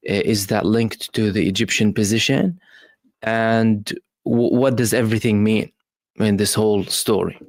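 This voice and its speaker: A man hosting live news commentary, pausing on many fillers and asking emphatic rhetorical questions. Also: lowish voice, fairly even intonation, no echo, clean studio sound. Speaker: host.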